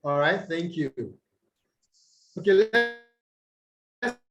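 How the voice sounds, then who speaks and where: A man's voice: high-pitched, slow, music in the background, poor audio. A man with a Nigerian accent teaching English in an online class over a video call, explaining step by step and asking students to answer.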